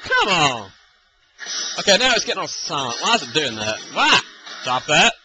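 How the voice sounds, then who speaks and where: A man's voice: on the high side, huge pitch swings, moderate pace, background noise. A man giving live gameplay commentary, exasperated and repeatedly urging and taunting the enemy. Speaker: let's play gamer.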